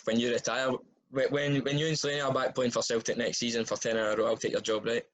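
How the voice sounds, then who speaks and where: A man's voice: medium pitch, level tone, fast talker, poor audio. A man interviewing a guest in an easygoing way, laughing along with him. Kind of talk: interview questions.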